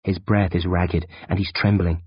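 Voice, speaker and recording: A man narrating a first-person audiobook in a tense, measured storytelling manner. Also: deep voice, flat delivery, breathy edge, dry recording. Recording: dull, dry lo-fi recording.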